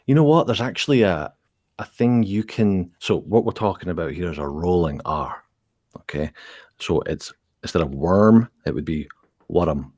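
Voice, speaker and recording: A Scottish man with a very low, deep voice talks through a casual chat, explaining things with examples and laughing easily. His voice is recorded close and dry, with no room sound. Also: animated, moderate pace, a little mellow, dry recording. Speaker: guest ASMR creator.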